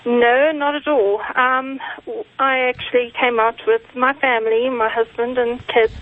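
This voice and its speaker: A woman's voice: fairly high pitch, flat delivery, unhurried. A middle-aged woman with a South African accent calling in to a radio show, polite and appreciative. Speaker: caller. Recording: tinny phone line.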